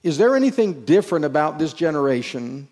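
A man's voice: a little high, sing-song, a little fast, darkish tone. A man preaching a sermon as pastor, stressing his points by repeating phrases and asking rhetorical questions.

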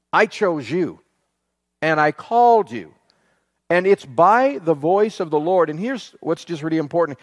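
A man with a fairly high voice preaches an earnest sermon, quoting scripture and stretching out key phrases for weight. His voice rings with a long hall reverb.

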